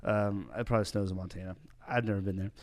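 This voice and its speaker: A young man hosting a casual podcast, telling stories with lively acted-out quotes. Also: on the low side, fast. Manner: animated storyteller, acts out quotes. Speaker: podcast host.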